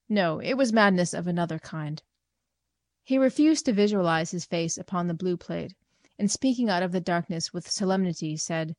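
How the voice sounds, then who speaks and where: A woman's voice: fairly low pitch, normal speed, dry recording. Woman reading a story, dry close sound. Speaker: reader. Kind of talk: scripted narration of a short story.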